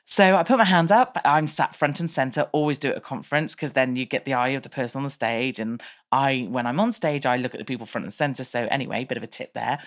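A British woman with a notably low voice tells a personal story in a candid, animated way, her delivery moving in quick bursts. She speaks as a business coach in her thirties. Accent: British English.

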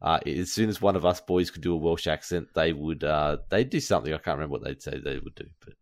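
A man's voice: a bass voice, fast talker, no echo, studio quality. A young man hosting a casual podcast chat, laid-back and joking as he runs the segments. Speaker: podcast host.

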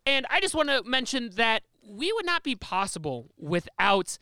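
A man hosting a podcast in a studio, talking in an excitable, teasing way. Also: very high-pitched, moderate pace, clear, resonant tone, no echo. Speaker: podcast host. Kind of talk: casual podcast chat.

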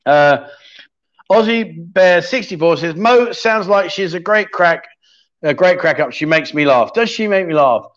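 On a slightly dull, lo-fi recording, a man with a high, fairly bright voice runs a casual livestream chat show. He's animated yet unhurried, joking around and musing aloud while scrolling and reading viewer comments.

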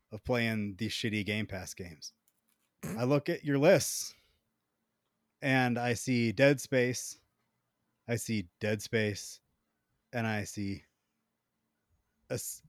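A man's voice: medium pitch, no echo, studio quality. A man hosting a casual gaming podcast, rambling and swearing with wry humor. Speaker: podcast host.

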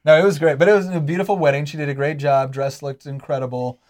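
A man's voice: fairly high pitch, fairly even intonation, fast talker, darkish tone. A man in his forties casually telling stories, chatty and self-deprecating, laughing along. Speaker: co-host telling his story. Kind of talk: casual conversational storytelling.

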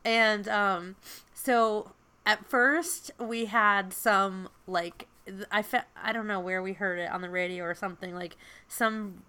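A woman in her fifties co-hosting a podcast, telling stories in an animated, chatty way with lots of fillers. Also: medium pitch, slow pace, smooth. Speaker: podcast co-host. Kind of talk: casual chat.

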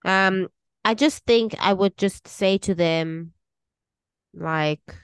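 A woman's voice: mid-range voice, takes it slowly, clear, resonant tone, dry recording, studio quality. A woman in her thirties talking in a casual, emotional chat, rambling with many restarts and fillers. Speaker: podcast co-host.

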